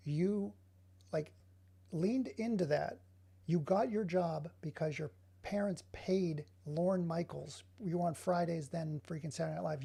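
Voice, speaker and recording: Narrating his digital artwork as he goes, this man slides into rambling tirades laced with sarcasm. His pitch is fairly high, and his voice is creaky and warm with some breathiness.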